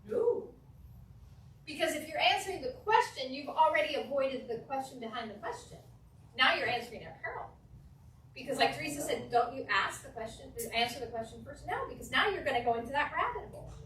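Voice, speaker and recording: A fairly high-voiced woman leads a real estate training class, jumping into little acted-out client exchanges as she goes. She is picked up from across an echoey room, with a faint hum of room noise behind her. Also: fairly quick, distant mic. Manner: animated, acts out client dialogues.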